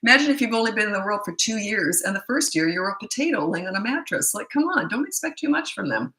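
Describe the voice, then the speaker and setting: A woman's voice: mid-range voice, very animated, fast talker, fairly bright tone, echoey room, low-quality recording. A middle-aged woman parenting coach answering questions in a blunt, opinionated, casual way. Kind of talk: casual Q&A talk to camera.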